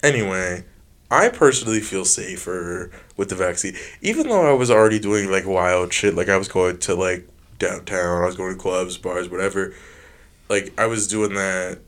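An animated young man chatting on a casual podcast, his voice swooping up and down as he jokes and laughs. He speaks close to a studio mic with a loose, slangy manner. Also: moderate pace. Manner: animated, laughing, slangy, jumps high in pitch. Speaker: podcast co-host. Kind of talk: casual chat.

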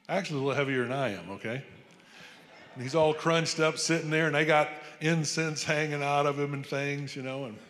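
A man preaching in a church, loose and anecdotal, filling his talk with restarts and "amen?" asides. His voice sits at an ordinary middle pitch. A long hall reverb trails behind it. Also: fairly bright tone. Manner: rambling, anecdotal, folksy asides with repeated "amen?". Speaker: pastor. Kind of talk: sermon.

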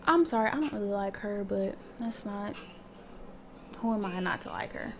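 Blunt young woman with a gravelly voice. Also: mid-range voice, animated, normal speed, a little hiss or hum. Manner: blunt, candid, swears freely. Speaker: podcast host. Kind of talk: casual solo podcast monologue.

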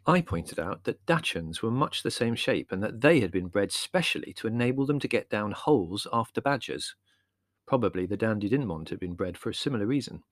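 A man's voice: lowish voice, animated, no room sound. Dry, wry male audiobook narrator. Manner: wry, measured storytelling.

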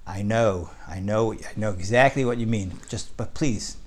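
A man voicing a tall, calm man with a name badge who speaks in a soothing, official tone. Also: fairly low pitch, normal speed, natural voice. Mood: officious.

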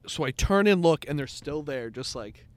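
A man's voice: fairly high pitch, expressive, moderate pace. A young man co-hosting a podcast, telling a long story in casual chat, full of fillers and swearing. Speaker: podcast co-host.

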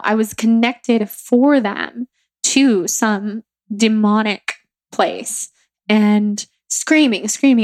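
A woman's voice: a little high, dry recording, studio quality. Young woman telling a personal story. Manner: casual, heartfelt, many "like" fillers. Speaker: podcast host.

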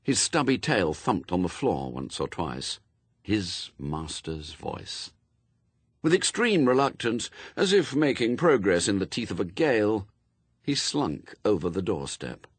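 Male audiobook narrator, wry, husky, close dry mic. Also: fairly low pitch, a little slow, no room sound. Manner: wry, expressive storytelling. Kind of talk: scripted narration.

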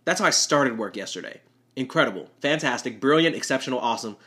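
A man's voice: medium pitch, animated, quick pace, pushed and bright. A young man, a rideshare driver, telling a rambling, self-deprecating story with nervous laughs. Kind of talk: storytelling monologue.

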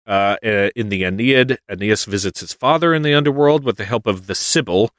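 A man co-hosting a podcast, retelling myths in a casual, animated and often laughing way. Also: on the low side, fairly quick, no echo, clean studio sound. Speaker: podcast co-host. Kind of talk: casual storytelling chat.

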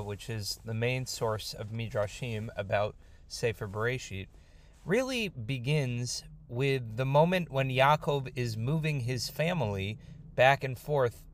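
A man's voice: medium pitch, measured pace. A man retelling a scripture story in a casual, conversational storytelling manner. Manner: conversational, informal, lively retelling. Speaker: Torah storyteller.

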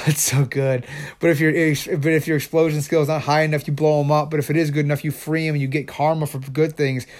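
A man hosting his own podcast, chatting casually and excitably, rambling with frequent restarts. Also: a little high, fairly quick. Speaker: podcast host. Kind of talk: casual solo podcast chat.

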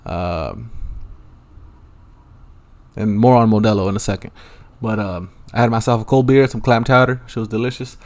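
A man's voice: fairly low pitch, steady tone, moderate pace, long pauses. Young dude rambling on his podcast, swearing constantly, super laid back. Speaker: podcast host. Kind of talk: casual solo rambling podcast. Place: Los Angeles, at home.

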